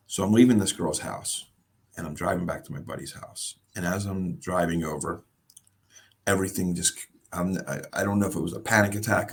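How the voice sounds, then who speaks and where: An American man, a guest in an interview, telling a personal story in a halting, emotional way and often repeating words. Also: low voice, vocal fry, a bit bright, husky. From United States.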